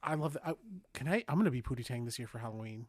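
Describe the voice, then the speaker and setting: A man's voice: medium pitch, animated, very fast, darkish tone, dry recording, studio quality. A man co-hosting a podcast, chatting casually and animatedly, acting out movie lines as he goes. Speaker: podcast co-host. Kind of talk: casual chat.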